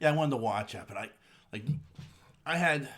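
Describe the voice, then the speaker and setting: Brief: male podcast host, animated up-and-down pitch, talks in excited rushes and restarts. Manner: excited rambling with quick restarts. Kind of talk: casual chat.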